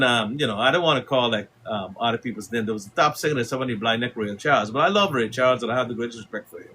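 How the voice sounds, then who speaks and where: A man's voice: mid-range voice, pushed and bright, husky. A man with a Guyanese accent, an older political commentator giving an impassioned broadcast speech in an oratorical manner that rises to emphatic declarations.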